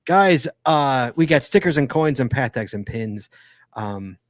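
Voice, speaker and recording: A man hosts a live podcast in a loose, joking, rambling way. His voice sits at an ordinary middle pitch. The sound is dry and close, with no room around it. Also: expressive, measured pace, no room sound. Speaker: podcast host. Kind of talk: casual live podcast chat.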